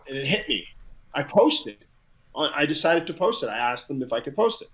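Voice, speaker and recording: A middle-aged man with a fairly high voice tells a story in casual chat. He talks with energy and often stumbles over repeated words as he picks up speed. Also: animated, normal speed, fairly bright tone, low-quality recording. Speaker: guest, crowd hype man.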